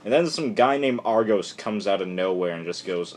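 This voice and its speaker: A man casually recapping a comic book issue on camera in a rambling, irreverent, animated way. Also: fairly low pitch, normal speed, slight background noise.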